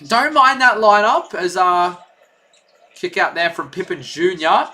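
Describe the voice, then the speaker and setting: Excitable young man commentating. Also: high-pitched, unhurried. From Australia. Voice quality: excitable, chatty, rambling. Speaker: livestream play-by-play host. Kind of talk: casual live commentary.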